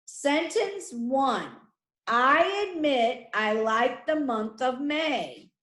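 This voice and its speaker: Slow-dictating woman teacher, echoey room. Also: sits high, animated, a bit bright. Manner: slow, deliberate dictation with repeated words. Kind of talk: spelling dictation for a class.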